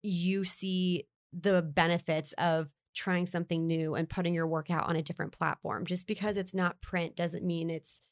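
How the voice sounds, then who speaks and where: Chatty woman, low dry voice. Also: level tone, moderate pace, few pauses, dry recording. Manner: chatty, candid, uses "like" a lot. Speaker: beauty writer and guest. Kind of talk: casual interview chat.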